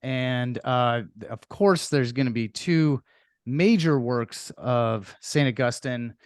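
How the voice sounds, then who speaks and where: A man's voice: medium pitch, takes it slowly, clear, resonant tone, dry recording, clean studio sound. A man opening a podcast episode, reading announcements in a loose way with many fillers. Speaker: podcast host. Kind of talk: casual podcast intro.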